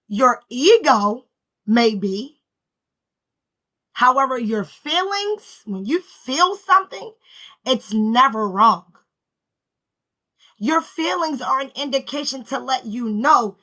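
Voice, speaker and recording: A woman speaks in a bright, forceful voice pitched a little high. She gives a casual spiritual talk, stressing her points through emphatic repetition and slangy, conversational phrasing. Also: expressive, slow pace, pauses often. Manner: emphatic, repetitive, preacher-like rhythm. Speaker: spiritual healing vlogger.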